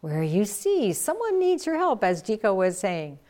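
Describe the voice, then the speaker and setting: A woman Zen teacher giving a dharma talk, telling a story slowly and reflectively and acting out the quotes. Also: medium pitch, huge pitch swings, warm tone.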